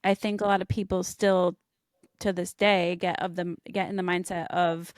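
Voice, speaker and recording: A woman's voice: lowish voice, little pitch movement, moderate pace, no room sound, clean studio sound. A young adult woman co-hosting a fitness podcast, chatty with lots of fillers. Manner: chatty, many likes, laughs easily. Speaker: podcast co-host. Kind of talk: casual podcast chat.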